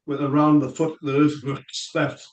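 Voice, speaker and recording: A man speaking haltingly, pausing and reaching for words as he shares news. His voice sits in an echoey room that rings around him. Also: fairly high pitch, level tone, a little hiss or hum. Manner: halting, hesitant, with pauses and fillers. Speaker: guest on a chat call. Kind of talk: casual chat.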